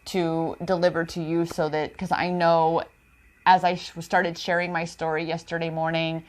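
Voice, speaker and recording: A woman's voice: low-pitched, flat delivery, moderate pace. A woman talking in a personal vlog, emotional and confiding, using spiritual self-help language and calling her viewers goddess. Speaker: empowerment coach.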